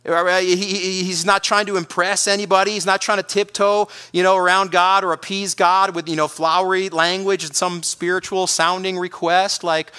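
A man delivering a sermon with urgent, emphatic energy. His voice sits high and rings bright. He often stumbles over and repeats words as he drives his points home. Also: normal speed, few pauses, clear, resonant tone. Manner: energetic, emphatic preaching with repetitions. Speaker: pastor.

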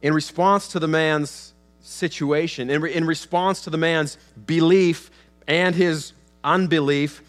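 A male pastor delivering a sermon in a church sanctuary. His voice sits a little high for a man, and he talks in an easygoing, conversational way, often restarting phrases and acting out the people in the story. A faint electrical hum runs underneath the recording. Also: steady tone, measured pace, soft background music. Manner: conversational with frequent restarts and acted-out quotes.

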